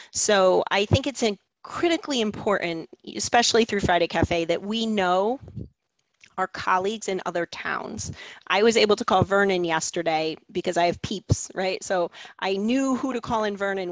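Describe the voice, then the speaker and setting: A woman's voice: mid-range voice, dry recording, poor audio. A woman who coordinates a school family program, talking conversationally and encouraging colleagues. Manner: conversational, encouraging, "you know" and "right?". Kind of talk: casual panel talk.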